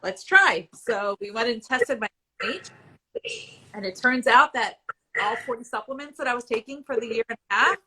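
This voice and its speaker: A woman's voice: a little high, moderate pace, bright, forceful tone, slight background noise, rough recording. A woman in her forties telling her own story as a patient in a live Q&A, candid and conversational, at times emotional. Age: 40s. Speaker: IVF patient guest.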